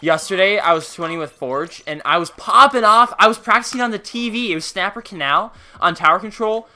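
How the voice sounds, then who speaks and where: A young man with a high, sharp voice streams a game and talks fairly quickly. His chat is casual and playful, and he greets viewers by name.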